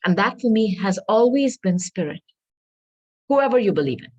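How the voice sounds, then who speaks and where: A woman reading tarot cards straight to her viewers. Her pitch swoops up and down as she talks. She sounds earnest and reassuring, stopping now and then to search aloud for a word. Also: expressive, moderate pace, darkish tone, muffled recording. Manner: addresses viewers as darling. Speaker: tarot reader.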